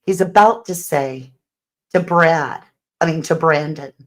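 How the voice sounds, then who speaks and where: A woman's voice: deep voice, unhurried. A woman hosting true crime commentary who reads out messages and asks speculative questions about the case. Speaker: true crime channel host.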